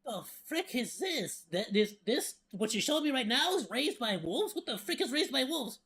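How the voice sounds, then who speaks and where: A man's voice: very high voice, big pitch swings, moderate pace, pushed and bright. A man chatting casually as a streamer reacting to a video, joking, laughing often and stumbling over restarts.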